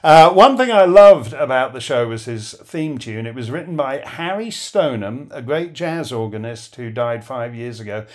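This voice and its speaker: Man, radio host, wry, conversational, chuckling asides, middle pitch. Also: expressive, moderate pace, hardly any pauses, darkish tone. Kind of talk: spoken commentary monologue.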